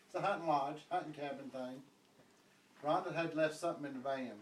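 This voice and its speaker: A man's voice: fairly high pitch, a little fast, echoey room, far from the mic, slight background noise, poor audio. A man telling a family anecdote about a prank, chuckling as he rambles. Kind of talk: casual family storytelling.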